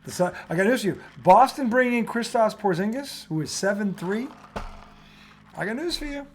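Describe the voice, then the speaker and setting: A man hosting a sports talk show, telling stories in an animated, profane way and acting out quotes. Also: sits high, normal speed, slight background noise. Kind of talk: casual sports debate.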